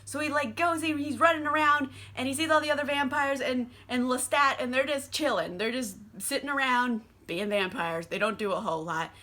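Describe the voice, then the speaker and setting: A tipsy woman racing through a casual book recap, swearing freely and breaking into laughter. Her voice is bright and a touch high, with a lively, animated delivery. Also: a little fast, hardly any pauses. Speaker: book reviewer.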